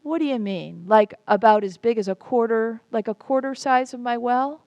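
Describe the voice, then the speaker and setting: A woman's voice: a little high, normal speed, darkish tone, no echo, lightly acted. A woman doing a small doubting frog. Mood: doubtful. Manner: incredulous, questioning. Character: small doubting male frog living in a well.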